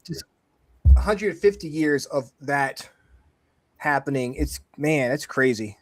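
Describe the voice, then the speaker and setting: A man hosting a paranormal talk show, enthusiastic and joking, with quick eager reactions. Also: fairly high pitch, animated, no room sound. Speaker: podcast host. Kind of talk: casual chat.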